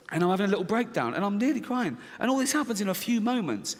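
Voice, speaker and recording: This middle-aged comedian talks fast in a high voice, barely pausing, as he performs stand-up in a big theatre and plays both voices of an inner argument with animated flair. The stage-mic recording carries some hiss or hum, plus hall reverb and a faint crowd.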